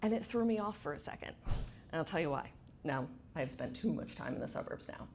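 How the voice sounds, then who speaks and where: Middle-aged woman, low-pitched voice, conversational conference talk, faint rumble behind. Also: lively intonation, a little fast, vocal fry, darkish tone. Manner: chatty, asks the audience questions. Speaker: conference speaker. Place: event space with audience.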